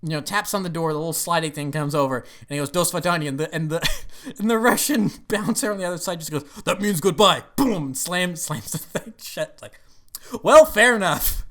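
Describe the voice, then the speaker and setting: Young guy chatting about a movie, kinda high voice, laughs a lot, keeps restarting sentences. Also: expressive, moderate pace, fairly bright tone. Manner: rambling, laughing, acts out movie quotes. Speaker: YouTube movie commentator. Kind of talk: casual retrospective commentary.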